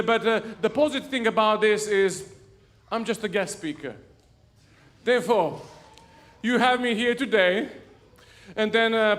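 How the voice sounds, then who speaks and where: A man's voice: high voice, a bit bright. A man speaking as a guest pastor, preaching a sermon in a conversational, slightly hesitant way. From lived in England.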